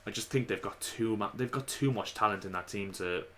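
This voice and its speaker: A man giving casual, opinionated football commentary to his viewers, slightly hoarse. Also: on the low side, a little fast, pushed and bright, a little hiss or hum. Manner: chatty, opinionated, addresses viewers as lads. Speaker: football vlogger.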